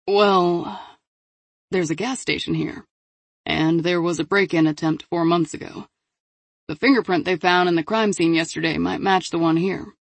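A woman voicing a level-headed male FBI agent who reasons aloud in an earnest, measured way. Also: lowish voice, fairly even intonation, creaky, dry recording.

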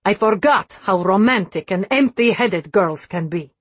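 A woman voicing a cold, proud middle-aged mother with a Russian accent, speaking in a sharp, scornful, clipped way. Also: mid-range voice, expressive, moderate pace, slightly rough, dry recording.

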